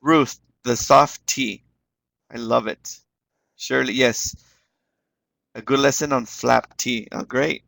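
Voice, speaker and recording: A man's voice: medium pitch, fairly even intonation, slow, vocal fry, pauses often, sharp tone, no room sound. A man leading an online teaching webinar, encouraging the class and repeating words as he explains them. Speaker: webinar instructor.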